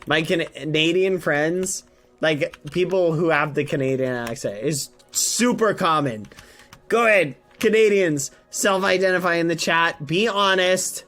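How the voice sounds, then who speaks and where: A man's voice: on the high side, normal speed, a bit bright, faint music behind. A young American man chatting casually on a livestream, meandering with lots of fillers. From United States. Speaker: streamer.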